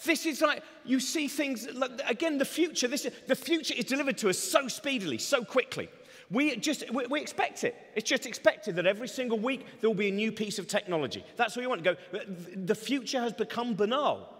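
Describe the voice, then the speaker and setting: A man's voice: very high voice, lively intonation, brisk, a bit bright. A man doing a comedy talk on stage, rambling energetically with sardonic asides. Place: large event hall. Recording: long reverb of a large hall.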